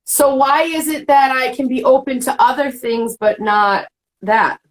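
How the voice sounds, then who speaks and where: A woman's voice: high voice, unhurried, rough recording. Candid rambling woman host. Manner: candid, rambling, acts out quoted remarks. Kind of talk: casual chat.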